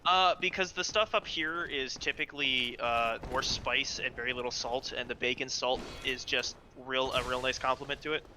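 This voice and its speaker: A man on a live game stream with a very bright, sharp tone. He is self-deprecating and explains game lore in a relaxed, chatty way. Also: mid-range voice, normal speed, few pauses, a little hiss or hum. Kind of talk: casual banter on a live stream.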